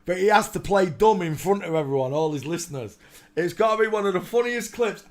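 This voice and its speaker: Brief: male streamer, higher-pitched, rambling and sarcastic, laughs a lot. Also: expressive, a little fast. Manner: rambling, mocking, bursts into laughter. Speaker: live stream host. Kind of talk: casual live-stream commentary.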